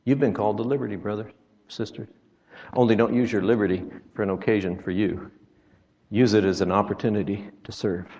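Here a traveling preacher's brisk, steady voice is fairly low and somewhat dark as he preaches folksily in a church, joking and quoting scripture. The recording is lo-fi, dull, and full of reverb.

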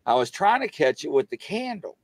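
A man's voice: fairly quick, vocal fry, no room sound. A man telling a paranormal story in casual chat, acting out the quotes with big jumps in his voice. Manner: animated, acts out quotes with big pitch jumps. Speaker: paranormal show guest telling stories.

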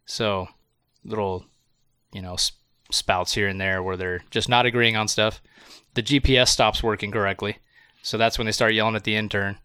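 A man's voice: fairly low pitch, fairly even intonation, moderate pace, sharp tone, clear, resonant tone, dry recording, clean studio sound. A man co-hosting a casual movie review podcast, recapping the plot loosely, swearing and laughing often. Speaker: podcast co-host.

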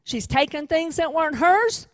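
Woman acting as a loud accusing prosecutor. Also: high-pitched, lively intonation, moderate pace, dry recording, pitched above the performer's own voice. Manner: loud, accusing, listing charges. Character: scornful male prosecutor accusing a sinner.

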